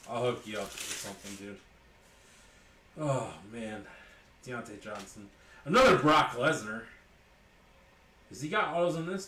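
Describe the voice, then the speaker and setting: This card-break host has a lowish voice, heard far from the mic in an echoey room with a noisy background. He calls out every card as packs get opened during the live sports card break, joking and addressing viewers by name.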